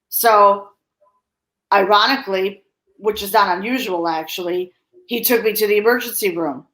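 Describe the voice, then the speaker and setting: A woman's voice: mid-range voice, fairly bright tone. Podcast host woman in an echoey room. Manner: sympathetic, brief affirmations. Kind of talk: podcast interview.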